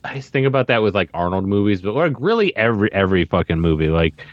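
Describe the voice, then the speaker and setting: A man co-hosting a podcast in relaxed, profane, filler-heavy chat. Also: on the low side, fast talker, dry recording, dull audio. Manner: laid-back, swearing, filler-heavy. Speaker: podcast co-host and guest. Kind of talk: casual podcast banter.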